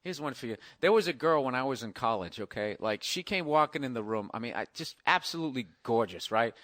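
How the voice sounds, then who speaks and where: A man co-hosting a podcast, telling stories in a casual, animated, profane way. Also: medium pitch, brisk, no echo. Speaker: podcast co-host. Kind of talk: casual chat.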